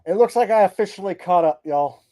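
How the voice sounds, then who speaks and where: A man's voice: sits high, lively intonation, fairly quick, warm tone, dry recording. A man hosting a livestream, reading viewer messages aloud and ranting in a blunt, profane way. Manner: blunt and profane, exasperated rants; reads viewer messages aloud in mock voices. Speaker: livestream host reading viewer super chats. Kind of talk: casual livestream chat.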